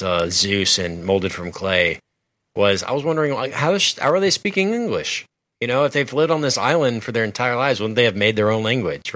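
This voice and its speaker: A man with a low, bright, forceful voice talks animatedly on a casual movie podcast, tossing out playful questions. The sound is dry and close to the mic. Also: no room sound. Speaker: podcast co-host.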